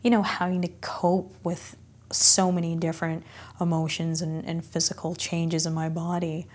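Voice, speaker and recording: A woman's voice: lowish voice, little pitch movement, moderate pace, darkish tone. A woman who is a cancer patient, telling her story in an interview in an earnest, reflective way. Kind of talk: interview testimony.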